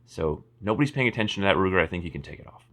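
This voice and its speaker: A man with a deep, low-pitched voice talks through a product review in a loose, offhand way. He trails off, restarts sentences and drops dry, wry asides as he goes. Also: very animated, racing, a bit bright. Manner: rambling, many fillers and restarts, wry asides. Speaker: firearms reviewer.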